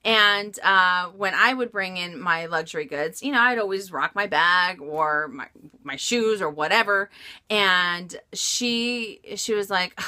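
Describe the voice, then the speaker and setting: Bright-voiced chatty woman vlogger. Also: lowish voice, unhurried. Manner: chatty, frank, laughs often, many fillers. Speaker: luxury handbag vlogger. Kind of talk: casual Q&A vlog chat.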